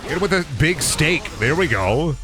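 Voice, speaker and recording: A man's voice: a little high, lively intonation, moderate pace. A man streaming a video game, riffing with profane jokes in casual commentary. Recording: voice over loud game music.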